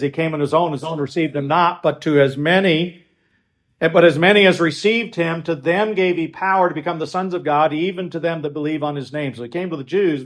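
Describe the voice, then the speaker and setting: A man preaching a sermon with emphatic stresses and quiet asides, stopping now and then to restart a phrase. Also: on the high side. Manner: swings between loud stresses and quiet asides. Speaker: pastor.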